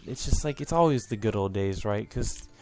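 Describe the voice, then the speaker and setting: A man's voice: lowish voice, expressive, moderate pace, a little mellow, faint music behind. A young man hosting a let's play, rambling and reminiscing through his commentary with lots of fillers, a bit out of breath.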